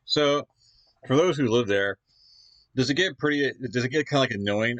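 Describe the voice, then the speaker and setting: A man's voice: medium pitch, expressive, brisk, a bit bright, dry recording. A man from Canada giving casual reaction commentary to a video, rambling and hesitant with lots of fillers.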